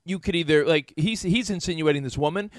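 A man co-hosts a casual podcast and explains a point to the others. His voice sits slightly high and the recording is dry and close. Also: fairly quick, dry recording. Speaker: podcast co-host. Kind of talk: casual chat.

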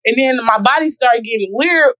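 A woman telling a dating story in a casual group chat, loud and animated, often shouting. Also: fairly high pitch, normal speed, no echo, low-quality recording.

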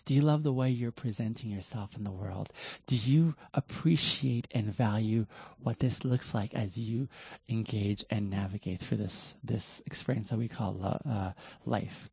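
Male host for a reflective talk: earnest, deliberate, restarts often, mellow and husky tone, dull lo-fi recording. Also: lowish voice, no room sound.

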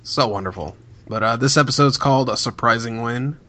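A man with a mid-pitched voice co-hosts a casual podcast chat. He recaps in a laid-back way, pausing on fillers as he talks. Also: bright, forceful tone. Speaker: podcast co-host.

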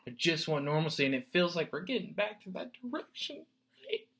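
A man hosting a solo podcast, ranting in a profane, animated way, swinging between loud bursts and muttered asides. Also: on the high side, fast, vocal fry. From United States. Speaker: podcast host. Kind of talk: rambling solo podcast rant.

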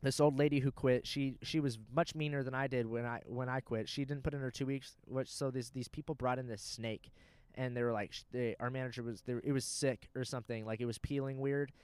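A man's voice: medium pitch, a little fast, smooth, no room sound. A young man telling rambling, profane stories in casual chat. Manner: animated, profane storyteller.

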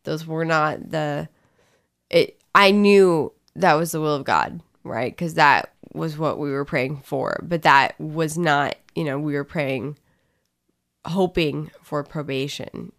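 A woman with a low voice and a gravelly edge tells her own story in a loose, candid way. She rambles through it with feeling, in an easygoing spoken conversation. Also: slow pace, fairly bright tone. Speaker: co-host sharing her story. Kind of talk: casual testimony chat.

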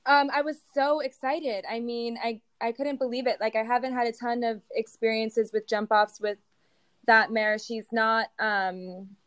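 A woman's voice: a little high, steady tone, unhurried, fairly bright tone, smooth, no echo. A young woman answering interview questions casually, with lots of fillers and little laughs. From United States. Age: young adult. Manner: hesitant, many fillers and giggles. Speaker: guest, show jumping rider.

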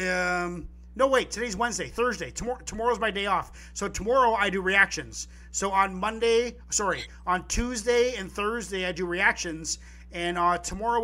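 Speaking in a high voice, this male co-host of a live poetry podcast keeps things loose and excited. His talk wanders, he starts over often, and the occasional swear word comes out.

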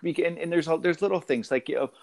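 A man's voice: a little high, a little fast, gravelly, a little mellow. A man in his thirties, a father talking in a casual interview, hesitant and full of fillers and restarts.

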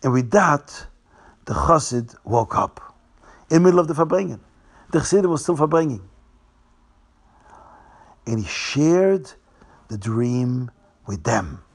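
A man telling a Hasidic tale, restating names and slowing down for drama. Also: medium pitch, animated, slightly rough. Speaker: storyteller.

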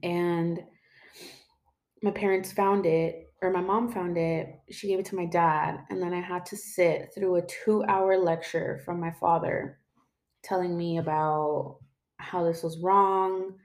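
A woman's voice: lowish voice, steady tone, slow, a little mellow. A young woman speaking mixed in, telling a personal story in a rambling, casual way many fillers and emotional moments.

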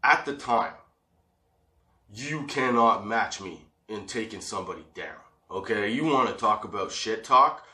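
Bright-voiced man telling a profane story. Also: on the low side, unhurried, roomy sound. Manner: profane, animated, laughs often, talks straight to the viewer. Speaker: vlogger. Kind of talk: casual storytelling.

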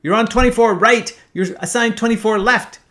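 A man voicing an angry male air traffic controller with a French accent, yelling over the radio. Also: high-pitched, expressive, a little fast, pitched above the performer's own voice.

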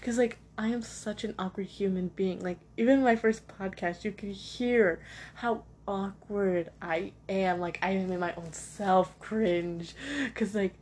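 A woman's voice: mid-range voice, fairly even intonation, unhurried, darkish tone, slight background noise. A young woman hosting her own podcast from home, chatting casually in a rambling, self-deprecating way with lots of fillers. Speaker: podcast host. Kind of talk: casual solo chat. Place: at home next to a cat.

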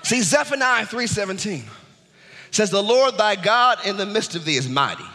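Male pastor, high bright voice, exuberant, shouts and laughs, preaching in an echoing sanctuary. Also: big pitch swings, moderate pace, a little hiss or hum. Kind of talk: sermon. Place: church sanctuary.

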